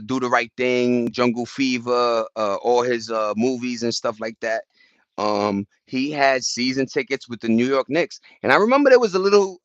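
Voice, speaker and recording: A man's voice: mid-range voice, fairly bright tone, dry recording, muffled recording. A man vlogging in a casual, slangy, rambling way, chatting loosely to his viewers from home. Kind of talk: casual chat to camera. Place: at home with plants and a cat.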